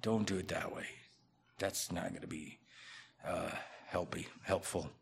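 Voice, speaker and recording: A man preaching a sermon as a pastor, talking conversationally, rising to loud emphatic bursts, dropping to quiet asides, and acting out quoted people. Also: low-pitched, steady tone, unhurried, creaky, slight background noise. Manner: acts out quoted people in his own voice.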